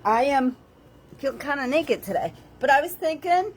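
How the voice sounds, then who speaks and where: A fairly high-voiced woman coaches a live home workout from her floor mat and counts reps out loud. She keeps up a loose, self-joking chatter with viewers. Faint room sound sits behind her, caught by a camera set on the floor. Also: sing-song, normal speed, a little hiss or hum. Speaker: fitness instructor.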